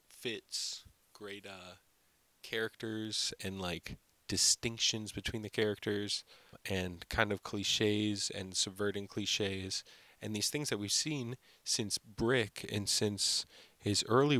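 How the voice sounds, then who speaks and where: A man's voice: on the low side, pushed and bright, no room sound. A young man hosting his own film channel, giving an unscripted, rambling review full of "like" and fillers. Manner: rambling, heavy use of "like" and fillers.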